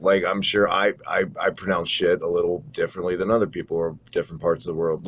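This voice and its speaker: A man's voice: sits low, level tone, fast talker, hardly any pauses, a bit bright. A man hosting a casual wrestling podcast, talking in a profane, sarcastic, rambling way. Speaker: podcast host.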